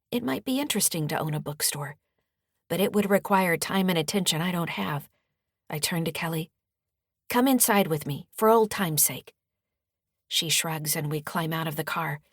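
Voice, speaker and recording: A woman author narrating her own audiobook in the first person, with a steady storytelling delivery. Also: low voice, no echo, studio quality.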